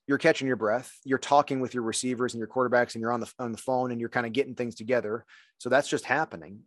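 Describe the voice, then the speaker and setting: A man's voice: medium pitch, no room sound, studio quality. A man, a former wide receiver now in broadcasting, explaining the game in detail in casual podcast talk. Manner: thoughtful, explains in detail with many restarts. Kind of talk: casual sports podcast chat.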